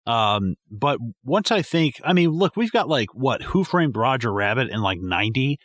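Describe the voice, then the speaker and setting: A man co-hosting a casual movie podcast, profane and animated, often acting out lines from scenes. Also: mid-range voice, normal speed, no room sound, studio quality. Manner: animated, profane, acts out quotes. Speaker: podcast co-host. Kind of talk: casual movie review chat.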